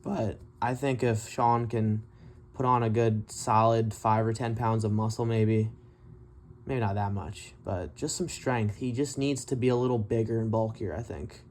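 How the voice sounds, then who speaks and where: A man's voice: on the low side, steady tone, a little slow, darkish tone, a little hiss or hum. Blunt, profane man ranting about fights. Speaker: MMA commentary vlogger. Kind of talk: casual ranting commentary.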